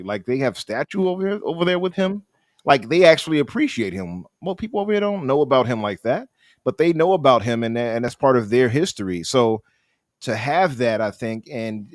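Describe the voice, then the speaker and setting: A man hosting a casual podcast chat, talking in an opinionated, animated way and often restarting his sentences. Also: medium pitch, dry recording, clean studio sound. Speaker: podcast host.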